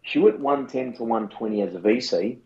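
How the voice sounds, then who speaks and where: A man's voice: mid-range voice, a little fast, a little mellow, lo-fi sound. An Australian man co-hosting a podcast in casual chat, laddish and sweary, lecturing his mate in a mock-serious way. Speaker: podcast co-host.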